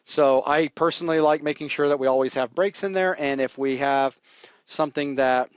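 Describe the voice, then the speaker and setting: A man's voice: a little high, normal speed, clean tone, no echo. Chatty man teaching code, dry sound. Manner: relaxed, jokey, talks while typing. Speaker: programming instructor. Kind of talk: live coding tutorial.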